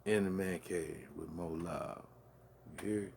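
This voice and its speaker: A man's voice: low voice, slow, vocal fry, darkish tone, slight background noise. A man with a Brooklyn accent hosting a late-night solo rant from his man cave, full of boastful, profane trash talk. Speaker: host.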